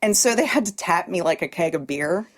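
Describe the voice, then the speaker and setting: A woman guest on a radio talk show, telling her story in a blunt, animated way with frequent laughs. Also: lowish voice, fairly quick. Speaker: guest artist. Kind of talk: casual chat. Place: radio studio.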